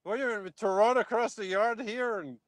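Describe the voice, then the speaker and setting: Animated man chatting on a live stream. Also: high voice, a little fast, no echo. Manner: animated, talks back to chat comments. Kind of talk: casual live-stream chat. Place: outdoors in a yard at dusk. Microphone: phone.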